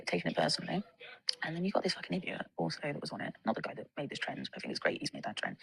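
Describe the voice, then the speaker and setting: A woman's voice: on the low side, vocal fry, poor audio. A young woman in a casual monologue, ranting with lots of swearing and filler words. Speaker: vlogger.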